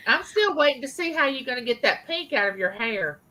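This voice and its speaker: A woman's voice: high voice, animated, a little fast, bright, forceful tone, a little hiss or hum. A woman in her forties in a casual live-stream chat, chatty and easygoing. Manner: chatty, self-described gift of gab.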